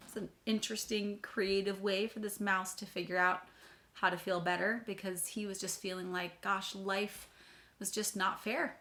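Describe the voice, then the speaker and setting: A woman's voice: mid-range voice, steady tone, normal speed, sharp tone. A woman reading a picture book aloud to children, explaining words and talking to them directly in a friendly way. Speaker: read-aloud teacher.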